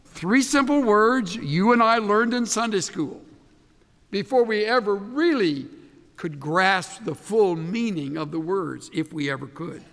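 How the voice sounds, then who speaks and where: A man preaching a sermon as pastor, leaning hard on key words and letting his phrases trail off quietly. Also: sits high, expressive, a little slow. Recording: long reverb of a large hall.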